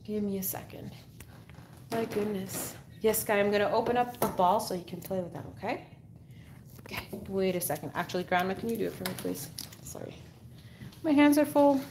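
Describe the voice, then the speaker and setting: A woman's voice: medium pitch, brisk, pauses often, background noise. A woman hosting a live stream from home, coaxing her dog in a bubbly, sing-song way and thanking viewers. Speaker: pet channel host. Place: home, indoors.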